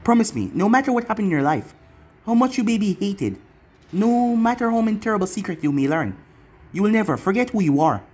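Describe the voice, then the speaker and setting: The story's narrator voicing a loving, protective mother who heads a ninja clan, reading a fan fiction aloud in a gentle, earnest manner. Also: mid-range voice, very animated, a little fast, husky.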